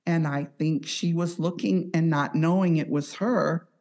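A woman with a notably low voice talks slowly and deliberately. She works as an on-call hospice healthcare professional and tells stories from her work in a measured, reflective way. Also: fairly even intonation, darkish tone. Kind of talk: conversational storytelling.

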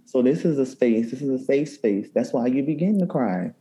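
A man from New Orleans speaks as a therapist guest in an interview. His voice sits mid-range with a mellow, dark tone. He talks in an animated, storytelling way and restarts his phrases often. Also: mid-range voice, moderate pace, dull audio. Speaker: therapist and cookbook author. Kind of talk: interview conversation.

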